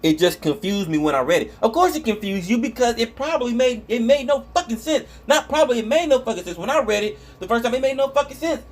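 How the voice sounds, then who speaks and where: High-voiced man ranting angrily. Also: lively intonation, quick pace, few pauses. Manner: angry profane ranting; stumbles over words. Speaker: vlogger. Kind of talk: reacting to online comments.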